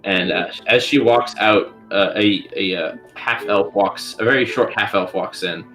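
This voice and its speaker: A man narrating as dungeon master, halting and full of filler words. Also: fairly low pitch, a bit bright, faint music behind. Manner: halting, full of ums and likes. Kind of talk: narrating a tabletop game.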